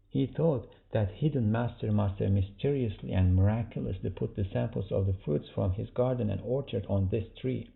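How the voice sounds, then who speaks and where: Gravelly man with tinny phone-like sound. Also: medium pitch. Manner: reads a passage, then explains it in plain words; asks rhetorical questions. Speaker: podcast teacher. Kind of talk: religious text commentary.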